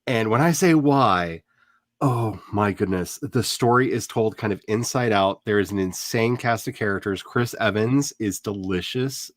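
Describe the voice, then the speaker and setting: A man chatting casually as a host, animated and rambling with many fillers. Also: fairly low pitch, measured pace, dry recording. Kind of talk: casual chat.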